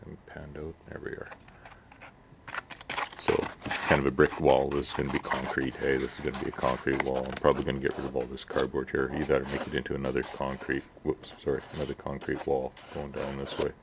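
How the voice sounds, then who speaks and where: Deep-voiced man, gravelly, rambling chatty vlog, noisy home recording. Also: monotone, fairly quick. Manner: rambling, chatty, tags sentences with "eh". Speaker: hobby model builder. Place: home workshop shed.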